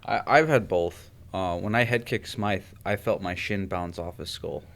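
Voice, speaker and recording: A man's voice: deep voice, normal speed, creaky, fairly bright tone. A man who fights MMA, telling fight stories in casual, profane podcast chat. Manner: profane, laid-back storytelling.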